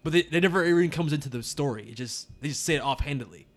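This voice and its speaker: Racing along at a fairly high pitch, a male podcast host talks casually about a movie, laughing often in a loose, relaxed review chat.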